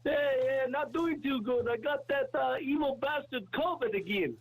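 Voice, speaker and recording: A man's voice: very high-pitched, animated, normal speed. A man voicing a cocky, teasing male sports-fan caller who phones in to a talk show. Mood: brash. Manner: teasing, brash. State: coughing with a cold. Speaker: recurring comic caller. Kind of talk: call-in bit.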